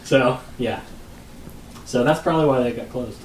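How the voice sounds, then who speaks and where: A man co-hosting a podcast, telling a long casual story in a rambling way, often clearing his throat and laughing at his own tale. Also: mid-range voice, normal speed, echoey room, distant mic, slight background noise, low-quality recording. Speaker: podcast co-host.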